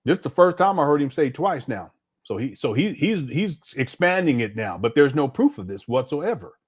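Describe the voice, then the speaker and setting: Animated, sarcastic male stream commentator. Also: on the high side, moderate pace, slightly rough. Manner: sarcastic, exasperated, talks back to the clip. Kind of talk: reaction commentary.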